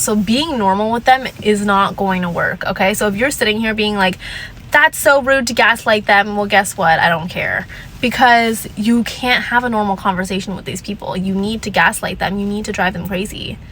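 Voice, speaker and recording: A woman's voice: mid-range voice, fairly bright tone, a little hiss or hum, poor audio. A young adult woman vlogging casual advice in a sassy, emphatic way, repeating her points. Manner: drops into mocking voices to quote people.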